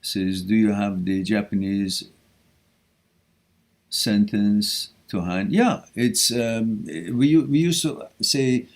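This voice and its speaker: A man hosting a live stream, answering viewer questions in an animated way, sometimes chanting and swinging between loud and hushed speech. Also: on the low side, slow pace.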